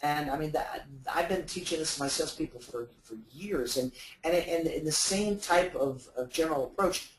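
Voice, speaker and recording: A man's voice: a little high, normal speed, echoey room, a little hiss or hum, rough recording. A man giving sales advice as a webinar guest, talking in a rambling way with many fillers and restarts. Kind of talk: webinar talk.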